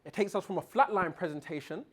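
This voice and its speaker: A high-pitched man delivers a keynote at a conference. He asks his audience questions as he goes. His voice moves from a low, flat murmur up to a loud, rousing call. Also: fast, breathy edge. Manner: dramatic swings in loudness and pitch to demonstrate voices. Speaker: keynote speaker. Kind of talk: conference keynote on presentation skills. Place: conference hall.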